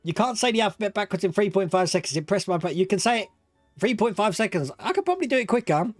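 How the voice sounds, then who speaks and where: A man from Australia with an accent mixing Australian and British, hosting a livestream quiz, playful and giggly as he reads out answer options slowly. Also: high-pitched, lively intonation, no echo, soft background music. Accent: Australian mixed with British. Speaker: quiz host.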